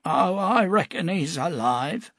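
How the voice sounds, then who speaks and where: A man voicing a firm old prophet, high and sly. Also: lively intonation, slow, fairly bright tone, no room sound, exaggerated voice. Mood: probing. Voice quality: strong, firm voice. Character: frail old male prophet, firm and probing.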